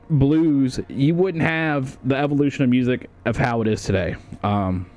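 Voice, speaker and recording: Us guy live streaming a tier list, swears a ton, rambles and restarts, pitch right in the middle. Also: a little mellow. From United States. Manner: profane, rambling, lots of fillers and restarts. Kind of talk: livestream commentary ranking a tier list.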